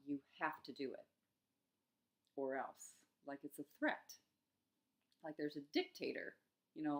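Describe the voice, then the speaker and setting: Woman, middle-aged, low-pitched, gentle, musing, self-help coaching talk. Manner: gentle, musing, with soft laughs. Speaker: coach for eating struggles.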